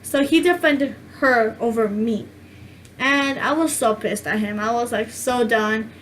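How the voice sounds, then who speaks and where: A woman's voice: a little high, unhurried, a bit bright, slight background noise. A woman vlogger telling a personal story in a casual, rambling way, full of "like". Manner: rambling, chatty, heavy use of "like".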